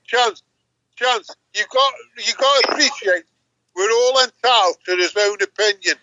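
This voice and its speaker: Teasing high-pitched English man. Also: normal speed, pushed and bright, no room sound, dull audio. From England. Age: older. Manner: teasing, repetitive. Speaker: guest streamer. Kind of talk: casual chat.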